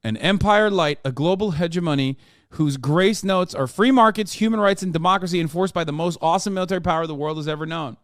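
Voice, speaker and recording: A man with a high, smooth, clear voice hosts a live stream. He reads quoted passages quickly and flatly, then cuts in with profane, sarcastic rants. The sound is dry and close. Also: dry recording. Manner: fast, flat reading of quoted text. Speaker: streamer host. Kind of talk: live-stream commentary, reading articles aloud.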